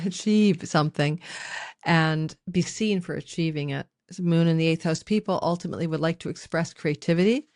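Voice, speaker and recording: A woman's voice: low voice, darkish tone, dry recording, studio quality. A middle-aged woman giving a spoken astrology lesson, talking straight to her viewers with casual asides. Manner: conversational, addresses viewers directly with asides. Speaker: astrology teacher.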